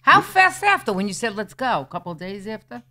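Bright-voiced woman guest chatting. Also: on the high side, very animated, a little hiss or hum. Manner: encouraging, quick reactions. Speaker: actress guest. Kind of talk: casual chat.

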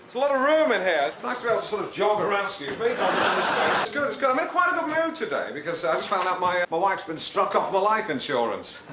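A man's voice: high-pitched, very animated, fast talker, few pauses, background noise. An actor playing an awkward, self-important middle-aged male TV presenter, in a sitcom. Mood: chirpy. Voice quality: chirpy, tactless, self-important. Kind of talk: 1990s British sitcom acting.

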